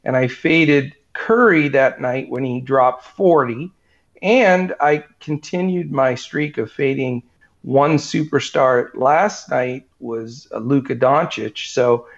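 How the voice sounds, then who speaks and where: A man's voice: medium pitch, takes it slowly. A man co-hosting a casual sports podcast, rambling with lots of fillers and restarts. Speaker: podcast co-host. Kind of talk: casual sports betting chat. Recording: dull lo-fi sound.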